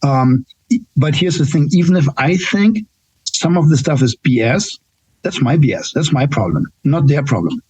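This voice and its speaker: A man's voice: on the high side, animated, moderate pace, a little mellow, a little hiss or hum, rough recording. A man in his sixties with a German accent, a nurse guest telling candid stories in a casual interview, often checking in with "right?". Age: 60s. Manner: candid, storytelling with frequent "right?" tags.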